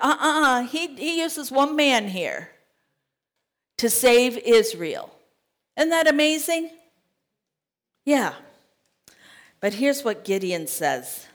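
Slow-speaking woman teaching the Bible. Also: sits high. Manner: animated, acts out scripture quotes and conversations. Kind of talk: sermon-style Bible teaching. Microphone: podcast mic.

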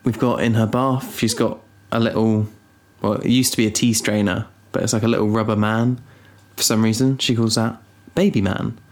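A young man co-hosting a casual podcast, rambling and teasing with deadpan asides. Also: on the low side, moderate pace, hardly any pauses. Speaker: podcast co-host. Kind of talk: casual chat.

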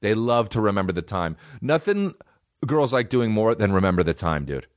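A man's voice: on the low side, normal speed, no echo, studio quality. A man hosting a podcast, ranting in a profane, rambling, comedic monologue. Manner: profane, rambling, animated rants. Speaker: podcast host.

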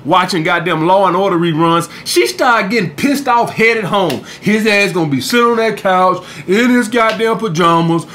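A man's voice: sits high, normal speed, few pauses, sharp tone, slight background noise. A man hosting a dating advice podcast, blunt and profane, who keeps saying "all right, guys". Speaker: podcast host, dating coach. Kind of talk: casual advice monologue.

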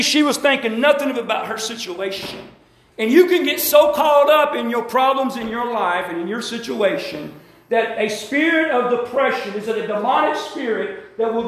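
High-voiced preacher, echoey church. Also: male voice, a bit bright. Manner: emphatic preaching with repetition and calls to the congregation. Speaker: pastor. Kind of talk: sermon. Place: church sanctuary.

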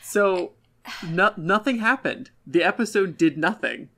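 Blunt man with a gravelly bright voice. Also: high voice, expressive, unhurried. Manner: blunt, self-deprecating critique. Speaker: podcast co-host. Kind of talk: casual review chat.

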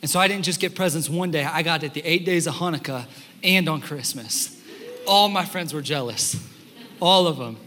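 A young man preaches from a church stage, telling lively stories and slipping into the voices of the people he quotes. His voice sits high and sounds bright and forward. A long hall reverb trails behind each phrase. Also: moderate pace, slight background noise. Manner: animated storytelling, acts out quotes. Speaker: pastor. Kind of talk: sermon. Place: church sanctuary.

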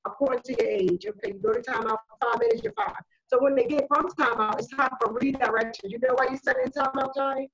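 A woman's voice: sits high, animated, quick pace, hardly any pauses, a bit bright, low-quality recording. A woman in casual group discussion, speaking animatedly and acting out exchanges with children. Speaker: panel guest sharing parenting views.

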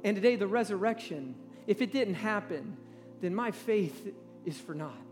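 A man in his forties preaching a sermon in a church, talking in a halting, conversational way with repeated words and drawing the audience to respond. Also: high-pitched, expressive, music in the background. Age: 40s. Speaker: pastor. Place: large church hall. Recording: long reverb in a large hall.

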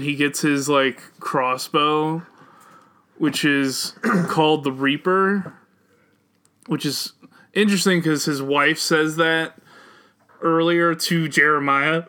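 A man chatting casually about movies as a podcast co-host, recapping scenes with halting restarts. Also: a little high, steady tone, sharp tone, smooth. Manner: rambling, halting recaps with many uhs. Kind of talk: casual film chat.

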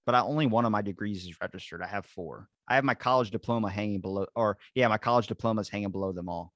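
A man's voice: fairly low pitch, fast talker, fairly bright tone, no room sound, clean studio sound. A man hosting a podcast, chatting casually, rambling and swearing freely. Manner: profane, rambling, laughs at himself. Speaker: podcast host. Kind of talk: casual chat.

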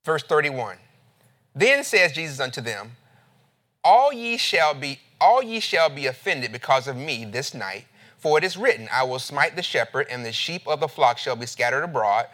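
A pastor preaching a sermon in a relaxed, conversational way, reading scripture aloud and speaking to his listeners as family. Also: mid-range voice, moderate pace.

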